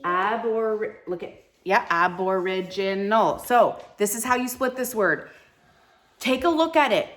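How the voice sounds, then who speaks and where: A woman's voice: fairly high pitch, expressive. Upbeat woman teaching a phonics lesson. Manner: slow, drawn-out syllable sounding; upbeat and encouraging with students. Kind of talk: live classroom phonics lesson.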